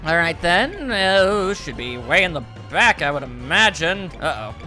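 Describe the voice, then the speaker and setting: A man with a sing-song voice on the high side talks a little slowly, his tone sharp. As a let's play commentator, he offers chatty, wry remarks and reads the game's dialogue aloud against faint background game music.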